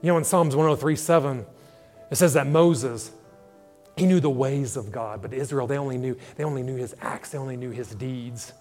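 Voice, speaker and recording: A man's voice: medium pitch, moderate pace, a little mellow. A male pastor preaching a sermon, dramatically acting out scripture dialogue. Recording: long hall reverb with faint music.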